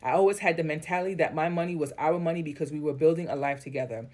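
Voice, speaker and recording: A woman's voice: low-pitched, fast, darkish tone. A woman reading an online post aloud and breaking off into blunt, candid commentary, swearing freely. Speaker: story reader and commentator.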